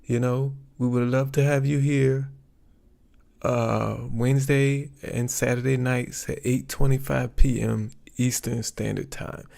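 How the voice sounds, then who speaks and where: A man hosting his livestream in a relaxed, rambling way, often pausing to search for words. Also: mid-range voice, creaky. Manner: rambling, chatty, searches for words with many ums. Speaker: YouTube livestream host. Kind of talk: casual livestream chat.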